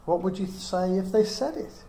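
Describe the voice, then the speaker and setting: A man's voice: sits high, moderate pace, mellow. A middle-aged man giving an earnest Bible teaching, reasoning aloud with many rhetorical questions. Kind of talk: teaching talk to a small group. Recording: echoey room with faint hiss.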